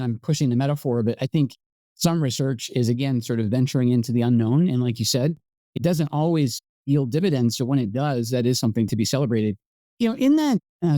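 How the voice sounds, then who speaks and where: A middle-aged man from Scotland hosting a podcast interview, thoughtful and self-deprecating in a relaxed conversational way. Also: medium pitch, no room sound. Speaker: podcast host.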